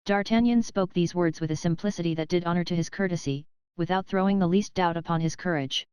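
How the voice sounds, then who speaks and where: A woman narrating a classic novel as an audiobook in an even, measured reading. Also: fairly low pitch, clean tone, no echo, rough recording. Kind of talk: scripted narration. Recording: dry close studio sound.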